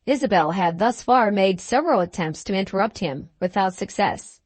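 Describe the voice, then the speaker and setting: A woman's voice: medium pitch, animated, normal speed, few pauses, dry recording. Woman narrating a classic novel. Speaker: audiobook narrator.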